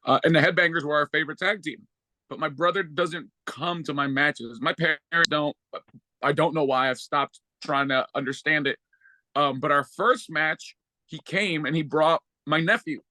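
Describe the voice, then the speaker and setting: Bright-voiced excited young man. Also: fairly high pitch, no room sound, rough recording. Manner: excited, fast, vivid comparisons. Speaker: podcast guest, wrestler. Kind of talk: casual chat.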